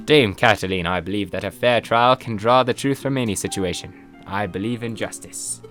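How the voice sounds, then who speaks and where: A man's voice: lowish voice, normal speed, fairly bright tone, soft background music, natural voice. A man voicing an earnest, upright male bird lawyer in a video game, reading his lines in a solemn, declaiming way.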